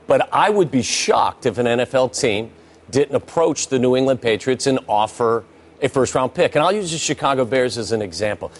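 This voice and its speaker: A man appearing as a guest NFL analyst on a sports debate show, explaining his view calmly with analogies. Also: mid-range voice, moderate pace.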